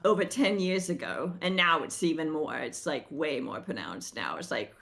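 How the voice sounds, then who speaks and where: A woman's voice: deep voice, normal speed, gravelly, a bit bright. A middle-aged Australian woman with a slight American twang, chatting casually on a podcast, rambling with many restarts and repeated words. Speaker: podcast co-host. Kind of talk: casual chat.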